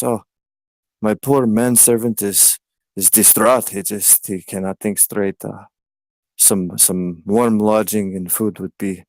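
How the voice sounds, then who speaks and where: A man's voice: sits low, vocal fry, no room sound. A man voicing a tired traveling lord who speaks in old-fashioned, courtly language. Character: courtly male lord, weary traveling noble.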